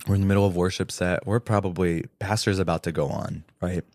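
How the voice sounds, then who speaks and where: A man's voice: low-pitched, steady tone, quick pace, darkish tone, no echo, studio quality. A young man co-hosting a podcast, telling an earnest faith story with lots of quoted dialogue. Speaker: podcast co-host. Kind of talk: storytelling testimony.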